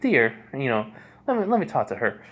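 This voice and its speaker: A man voicing a gentle, coaxing middle-aged mother in a raised, soothing tone. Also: mid-range voice, big pitch swings, a little fast, husky.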